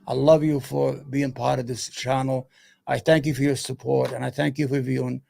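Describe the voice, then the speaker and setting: A man's voice: medium pitch, flat delivery, normal speed, creaky, a little mellow. A man hosting his own commentary show, talking loosely and profanely, muttering to himself as he searches for things between points. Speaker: solo commentary host. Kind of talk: rambling casual commentary.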